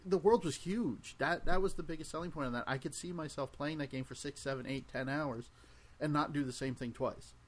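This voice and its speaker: A man's voice: on the high side, brisk, slight background noise. A man hosting a casual podcast, joking around and rattling off the show's plugs. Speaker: podcast host.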